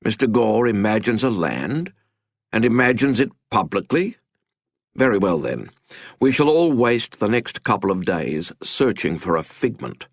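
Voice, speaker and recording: A man's voice: lowish voice, sing-song, measured pace, no room sound, clean studio sound, exaggerated voice. A man voicing a stern, sardonic male sea captain who speaks in a cutting, commanding way. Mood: mocking.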